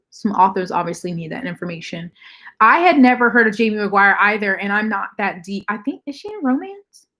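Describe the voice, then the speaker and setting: A woman's voice: mid-range voice, fairly bright tone. A young woman hosting a casual livestream, bluntly reacting to chat comments and swearing freely. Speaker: livestream host.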